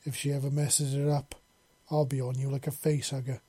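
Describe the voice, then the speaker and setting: A man's voice: mid-range voice, little pitch movement, brisk, slightly rough, dry recording, lightly acted. A man reading a storybook, voicing a confident, flirtatious female lizard-folk woman who talks boldly and teasingly. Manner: bold, teasing, warm-hearted.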